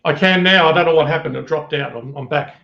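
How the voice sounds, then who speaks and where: A man's voice: on the high side, fast, gravelly, fairly bright tone. A man chatting casually as a guest on a video call, easygoing and teasing. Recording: dull lo-fi call audio.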